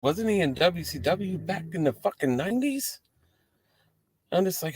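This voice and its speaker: A man's voice: sits high, moderate pace, breathy edge, no echo. Man ranting casually from his car. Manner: rambling, profane, animated asides. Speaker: wrestling show host. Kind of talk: casual talk to camera. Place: inside a parked car.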